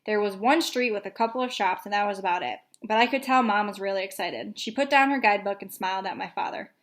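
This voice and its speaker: Young teacher, storytime read-aloud for kids, relaxed and casual, woman. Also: mid-range voice, fast talker. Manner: casual, with fillers. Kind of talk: reading a chapter book aloud to children.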